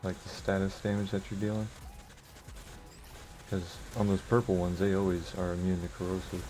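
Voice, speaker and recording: A man talking through a live game stream in a loose, rambling way, with lots of filler words and little chuckles. His voice sits fairly low and sounds mellow and relaxed. A faint hiss stays under him the whole time. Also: normal speed, poor audio. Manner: chuckles often while talking. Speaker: gaming streamer. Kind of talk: casual live-stream chat while playing.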